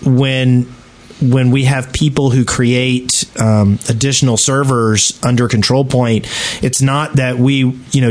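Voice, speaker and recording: A man's voice: medium pitch, a little mellow. A man co-hosting a casual gaming podcast, explaining server policy and asking questions. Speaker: podcast co-host.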